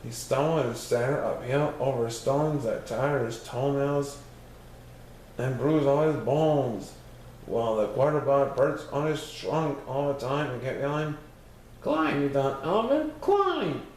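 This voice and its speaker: A man's voice: medium pitch, a little slow, a little mellow, slight background noise. A man reading a rhyming storybook aloud in a sing-song way. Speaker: storybook reader. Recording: very echoey room.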